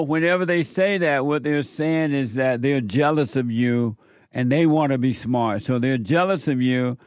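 A man hosting a call-in show, giving advice to a caller in a slow, emphatic way and repeating his points. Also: mid-range voice, no echo.

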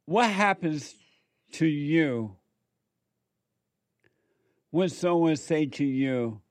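A man giving a preachy spoken monologue, repeating rhetorical questions and pausing for answers. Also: a little high, lively intonation, no echo. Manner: acts out quoted back-and-forth dialogue. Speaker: speaker addressing listeners.

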